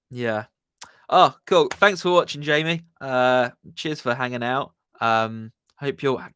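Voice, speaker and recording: A man's voice: medium pitch, a bit bright, clear, resonant tone, no echo, clean studio sound. A man hosting a music live stream, chatting casually with viewers in a laid-back, rambling way and greeting them by name.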